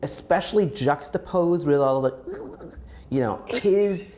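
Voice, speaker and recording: A hoarse woman with an American accent, co-hosting a recap chat in a wry, dramatic way while getting over a chest infection. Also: low voice, warm tone, soft background music. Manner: wry and dramatic, given to quick jokes. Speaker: co-host of recap show. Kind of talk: casual critique chat.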